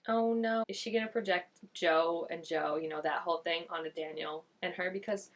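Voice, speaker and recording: A young woman giving casual, chatty reaction commentary, expressive and quick with asides. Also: lowish voice. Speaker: reaction vlogger.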